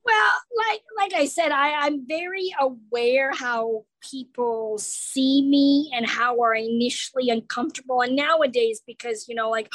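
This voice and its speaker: A woman's voice: sits high, unhurried, fairly bright tone, no echo, poor audio. A woman comedian telling stories in a casual interview, acting out the people she quotes. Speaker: comedian guest.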